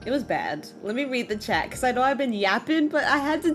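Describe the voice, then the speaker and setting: With soft music in the background, a young adult woman pitched on the high side tells her chat a story at normal speed with few pauses. It comes out as an exasperated, animated rant full of laughter.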